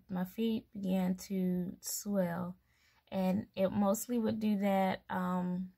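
A young woman talks slowly and loosely to her viewers about pregnancy. Her voice has a gravelly, fry-edged texture, and she rambles, filling pauses with "um" and "like" and small laughs. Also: medium pitch, mellow. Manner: chatty, rambling, laughs between thoughts, many fillers. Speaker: mom vlogger. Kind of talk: casual pregnancy vlog.

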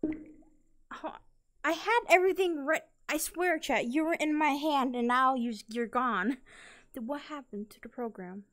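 A woman live-streaming in casual chat, bubbly and excitable, easily startled into loud yelps and laughs, playfully repeating catchphrases. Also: sits high, measured pace.

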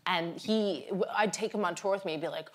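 A woman's voice: lowish voice, brisk. A woman from Canada telling cheeky anecdotes as a chat-show guest, laughing as she talks.

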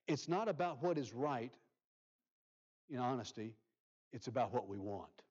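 A male pastor preaching a sermon, reading scripture aloud and swinging from loud emphasis to soft near-whispers. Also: mid-range voice, animated, unhurried, muffled recording.

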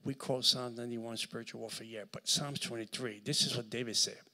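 A man with a Puerto Rican accent preaches at a church service in a bright, forceful voice of middle pitch. He tells stories in an animated way and climbs into loud, driving preaching. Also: a little fast. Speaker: guest preacher. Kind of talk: sermon.

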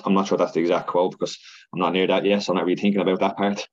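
A man telling stories as a podcast guest in casual, rambling, excitable chat with lots of filler and repeats. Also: deep voice, racing. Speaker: podcast guest, Ironman athlete. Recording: dull lo-fi podcast audio.

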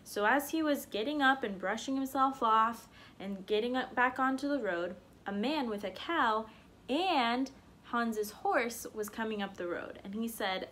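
A woman storyteller telling a folktale aloud in an animated, homespun way. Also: fairly high pitch, measured pace.

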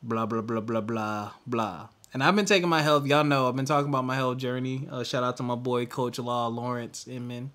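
A young adult man co-hosting a podcast, venting candidly in casual chat and trailing off into quiet mutters. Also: mid-range voice, steady tone, fast, few pauses. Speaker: podcast co-host.

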